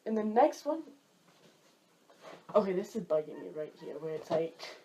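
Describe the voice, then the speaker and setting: A woman talking casually to camera in a vlog, animated, jumping high when she mimics people and dropping low for asides. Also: normal speed, slight background noise. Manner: drops low and quiet for asides. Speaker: vlogger.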